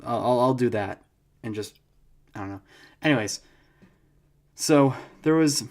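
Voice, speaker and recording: A man's voice: medium pitch, unhurried. Young guy cohosting a podcast, casual chat, lots of laughing. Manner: laughing, animated storytelling. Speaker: podcast co-host.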